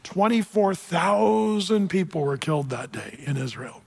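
Brief: high-pitched male preacher, lively storyteller, long hall echo. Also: a little slow, gravelly, breathy edge. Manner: storytelling, jokey asides, acts out voices. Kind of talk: sermon.

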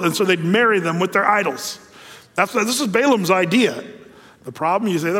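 A man's voice: sits high, animated, moderate pace, a bit bright, husky, long reverb tail. A man preaching a sermon as a pastor, folksy and humorous, with frequent fillers.

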